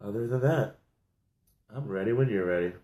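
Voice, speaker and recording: A man's voice: fairly low pitch, moderate pace, dark tone, roomy sound. A man co-hosting a casual sports talk show, joking and laughing often. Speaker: podcast co-host.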